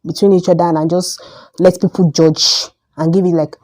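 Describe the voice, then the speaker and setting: Young Nigerian woman vlogger, Nigerian accent, low mellow tone, insistent ranting delivery. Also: flat delivery, normal speed. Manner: emphatic, repetitive, rises sharply when heated. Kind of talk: opinion vlog rant.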